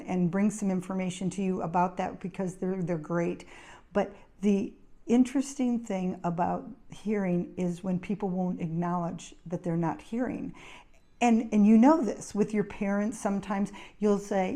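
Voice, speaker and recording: A woman's voice: mid-range voice, warm tone. A middle-aged woman, an occupational therapist hosting her own show, giving casual advice and telling anecdotes in a chatty way. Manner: chatty storyteller, anecdotes with acted quotes. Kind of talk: casual advice talk to camera.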